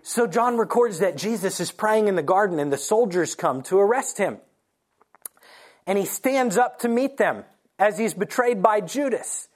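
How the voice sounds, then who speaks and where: A preacher giving a sermon in a mid-pitched voice. They act out quoted lines with sudden lifts in pitch, then slow down deliberately to press home key points. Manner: animated storytelling, acting out quoted lines; slows down to stress key points. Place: church morning service.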